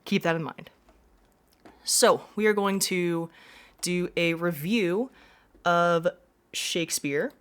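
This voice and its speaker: A woman's voice: fairly low pitch, slow, long pauses, a bit bright, clean tone. A woman teacher giving a classroom lesson, explaining step by step with frequent reminders.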